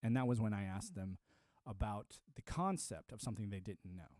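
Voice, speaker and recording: A man's voice: lowish voice, very animated, normal speed, darkish tone, no echo, clean studio sound. A young adult man from the United States talking into a streaming mic, ranting emphatically with lots of fillers. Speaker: livestreamer. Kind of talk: live-stream monologue.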